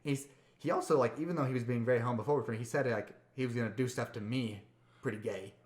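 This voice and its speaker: A man's voice: medium pitch, quick pace, reverberant. A man co-hosting a podcast, casually telling a long story, repeating words and acting out the quotes. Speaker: podcast co-host.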